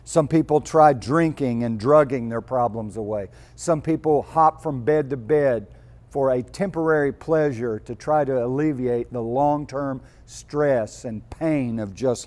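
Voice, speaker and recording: A man's voice: mid-range voice, measured pace, a little mellow. A male pastor preaching a sermon, telling homespun stories and building to emphatic peaks.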